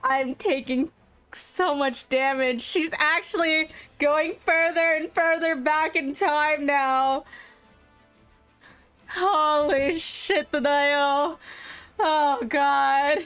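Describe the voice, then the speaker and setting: Brief: chatty woman streamer, fairly high voice, reads game narration and reacts, soft music behind. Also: steady tone, extremely slow. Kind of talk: live-stream game story playthrough.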